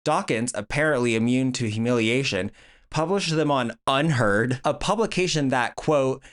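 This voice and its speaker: A man's voice: medium pitch, moderate pace. Sarcastic male commentary host. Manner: sarcastic, blunt, mocking. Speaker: video essay host. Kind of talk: commentary vlog.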